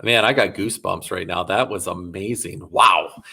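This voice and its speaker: A man's voice: sits low, moderate pace, creaky, sharp tone, slightly rough. A man hosting a sports podcast, eager and enthusiastic as he reacts and asks questions. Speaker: podcast host. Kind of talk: casual chat.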